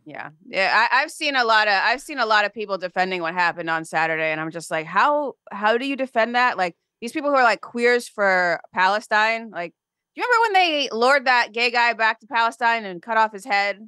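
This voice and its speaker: A woman's voice: a little high, animated, fairly quick, bright, forceful tone, clean tone, no echo, clean studio sound. A woman co-hosting a podcast, talking plainly in casual chat and bringing up news stories. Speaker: podcast co-host.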